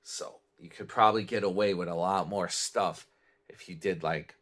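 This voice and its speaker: A man's voice: sits low, steady tone, normal speed, fairly bright tone. A man from New York chatting casually in a meandering morning vlog, trailing off and restarting. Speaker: vlogger. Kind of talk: casual rambling morning chat.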